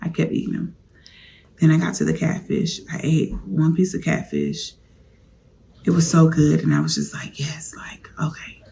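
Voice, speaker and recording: A woman's voice: sits low, level tone, normal speed, creaky, long pauses, mellow. A woman vlogger candidly telling a personal story, confiding straight to her viewers.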